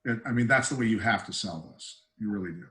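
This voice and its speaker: Man host, bright forceful voice, conversational, echoey room, video call. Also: fairly low pitch, fast. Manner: affirming, conversational. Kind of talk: casual video-call chat. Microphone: video call microphone.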